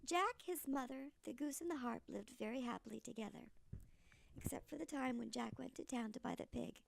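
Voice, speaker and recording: A woman reading a fairy tale aloud in an animated, theatrical storyteller style. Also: high voice, a little fast, gravelly, slight background noise.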